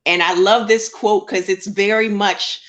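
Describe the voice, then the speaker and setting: A woman's voice: mid-range voice, steady tone, a little slow, fairly bright tone. A woman co-hosting a casual film review chat, talking in chatty, enthusiastic bursts.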